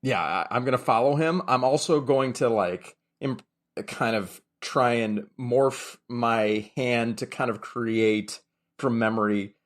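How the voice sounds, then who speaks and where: A man's voice: mid-range voice, slow. A man playing a character in a tabletop role-playing game, talking hesitantly with many restarts. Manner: hesitant, full of fillers and restarts. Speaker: player. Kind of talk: casual tabletop play.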